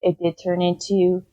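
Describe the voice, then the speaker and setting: A woman's voice: lowish voice, no room sound, muffled recording. A woman hosting a casual book review podcast, rambling with lots of "um" and "like" as she retells the plot. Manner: rambling, full of "um" and "like", animated retelling.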